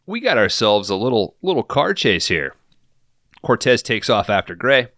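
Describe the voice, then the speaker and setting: A man on a podcast recapping a film in casual, profane, animated storytelling, acting out the characters' lines as he goes. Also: lowish voice, normal speed, dry recording, clean studio sound.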